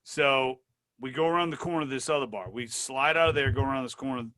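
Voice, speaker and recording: A man as an interview guest, telling animated, profane anecdotes in casual talk. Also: medium pitch, quick pace, dry recording. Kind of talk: casual storytelling.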